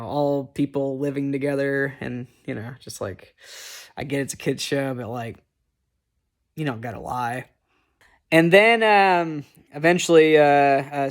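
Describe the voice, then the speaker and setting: A man casually recapping a cartoon special, rambling and cursing freely. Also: fairly high pitch. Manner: rambling, profane, lots of fillers and restarts. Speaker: movie reviewer.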